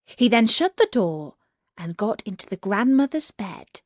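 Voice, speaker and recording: A woman reading a fairy tale aloud as scripted storybook narration, slow and clear. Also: mid-range voice, sing-song, no room sound, studio quality.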